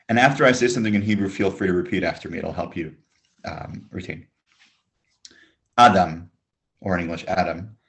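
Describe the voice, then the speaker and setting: A man teaching a beginners' Hebrew webinar, slowly modelling words for students to listen and repeat. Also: low voice. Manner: slow, drilled listen-and-repeat prompts. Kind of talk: online language lesson. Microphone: webinar microphone.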